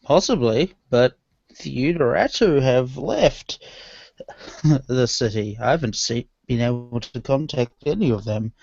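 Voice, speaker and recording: Slow-talking man playing a game character. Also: mid-range voice, animated, vocal fry, darkish tone, dry recording. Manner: slow, laughs between lines. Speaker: player. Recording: dry, dull lo-fi recording.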